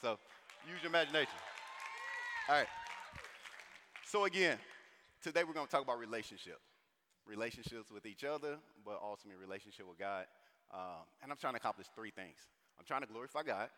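A man's voice: mid-range voice, fairly quick, pauses often. A man from St. Louis with a St. Louis accent, speaking animatedly to a conference audience and calling them y'all. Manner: animated, drawls and stretches sounds, addresses the crowd as y'all. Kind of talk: lively talk to a large audience. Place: large conference hall. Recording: long hall reverb, faint noise.

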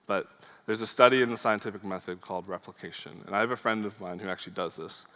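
A man's voice: lowish voice, quick pace, bright, forceful tone. A man preaching a Sunday sermon in an earnest, conversational way, with fillers and small asides. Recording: long hall reverb.

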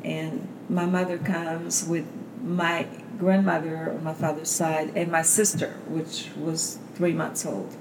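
A woman's voice: low-pitched, flat delivery, slow pace, noisy background. Older woman telling her family story. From Bulgaria. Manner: meandering, many fillers and restarts. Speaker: interviewee. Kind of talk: personal storytelling. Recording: roomy interview recording.

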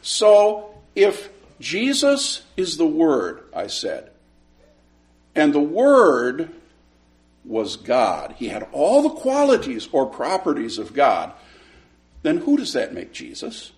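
A man teaching a Sunday school class, retelling a conversation in an animated way and often repeating words as he starts a sentence. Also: medium pitch, takes it slowly. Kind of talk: storytelling Bible lesson.

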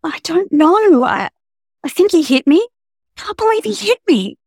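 A woman's voice: high-pitched, very animated, a little slow, no room sound, studio quality, voice pushed up, full character voice. Terrified young woman, as a woman reads her stammering in panic. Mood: panicked. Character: terrified young woman trapped in a car boot.

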